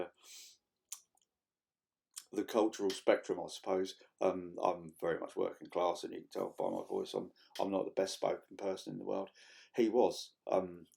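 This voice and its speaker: A man, rambling casually to camera in a vlog, swearing freely and filling pauses with ums and restarts. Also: low-pitched, vocal fry, dark tone. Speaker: vlogger.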